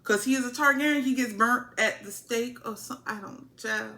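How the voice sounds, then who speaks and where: A woman recapping a TV episode in a sassy, animated way, repeating herself and tossing in asides. Her voice sits a bit high and sounds bright and forceful. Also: moderate pace, vocal fry. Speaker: TV recap reviewer. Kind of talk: casual video review.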